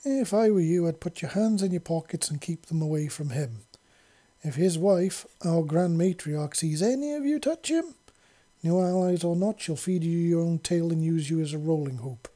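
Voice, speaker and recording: A fierce alien lizard woman hisses a threatening warning, put on by a narrator. The voice is husky and dark, with sudden high spikes. It belongs to an amateur audiobook. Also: lively intonation, moderate pace, lightly acted.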